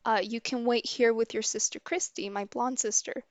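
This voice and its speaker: A woman voicing a kind adult woman who gently reassures a crying child. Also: a little high, steady tone, normal speed, dry recording, close to an everyday voice. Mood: soothing. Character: kind adult woman, social worker, soothing.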